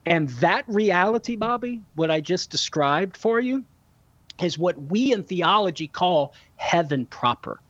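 A man with a slightly high voice explains theology to callers in an earnest, teaching way, leaning on repeated words for emphasis. The sound is dry and close, a little dull and lo-fi. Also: lively intonation, unhurried, a bit bright, no echo. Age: young adult to middle-aged, a father. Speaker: guest theologian answering callers. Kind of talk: call-in radio show Q&A.

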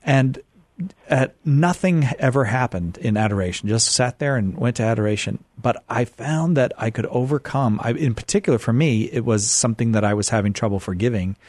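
Guy hosting a call-in show, mid-pitch voice, friendly, halting, dry close mic. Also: a little mellow, dry recording. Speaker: radio call-in host.

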